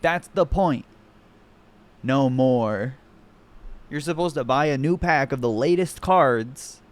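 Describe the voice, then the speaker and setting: Streaming with casual commentary, a man reacts through sarcastic, mocking rants full of profanity. His voice sits fairly high and moves at a moderate pace.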